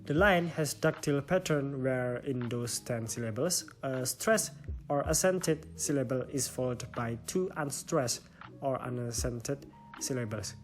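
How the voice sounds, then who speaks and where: Soft background music accompanies a young Indonesian-accented man as he reads his class presentation on stylistics and breaks it down step by step. His mid-range voice keeps a measured pace.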